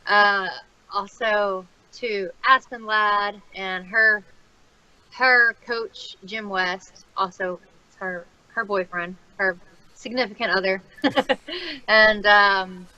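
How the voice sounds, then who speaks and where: Bright-voiced woman on a lo-fi call. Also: medium pitch, steady tone, takes it slowly, no room sound. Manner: friendly, chatty. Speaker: MMA fighter, interview guest. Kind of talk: casual interview chat.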